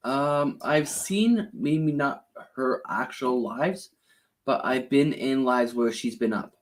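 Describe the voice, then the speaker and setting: A man's voice: medium pitch, slow pace. A man co-hosting a casual travel livestream, giving short, teasing replies. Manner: brief, dry replies, teasing. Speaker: co-host.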